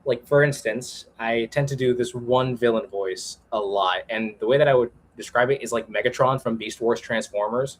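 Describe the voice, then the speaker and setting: A man co-hosting a casual livestream while drawing, animated and playful in how he talks. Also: mid-range voice, normal speed, hardly any pauses, slight background noise. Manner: animated, jumps into playful put-on voices. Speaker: comic artist co-host.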